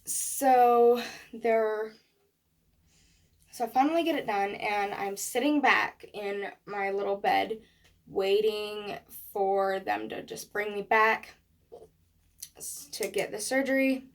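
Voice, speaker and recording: Unhurried woman telling a storytime. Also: medium pitch. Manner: animated storytelling with acted quotes. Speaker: vlogger. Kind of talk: storytime vlog.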